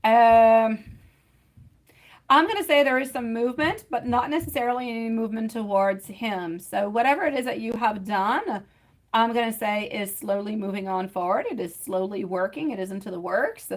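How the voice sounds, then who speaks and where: A woman's voice: on the high side, normal speed. A woman doing a live-stream tarot reading, affectionate and chatty, calling her viewers pet names like sweetie and my love. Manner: chatty, sings snatches while shuffling.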